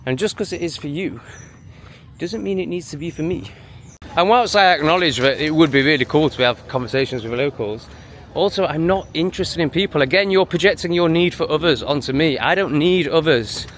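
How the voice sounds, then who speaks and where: A man's voice: on the high side, brisk, fairly bright tone, a little hiss or hum. A man talking in a walking vlog, dismissive and sneering, out on a busy street. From England. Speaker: vlogger.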